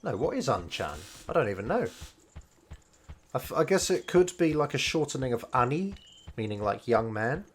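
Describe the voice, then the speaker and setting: A man's voice: medium pitch, big pitch swings, moderate pace, slight background noise. A man, casually explaining Japanese words while streaming a game, rambling and restarting his sentences often. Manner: rambling, hesitant, many fillers and restarts.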